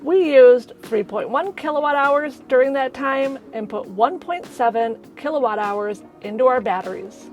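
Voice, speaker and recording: A woman's voice: high voice, moderate pace, few pauses, darkish tone, soft background music. A woman, chatting casually as a vlogger and laughing often. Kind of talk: casual vlog narration.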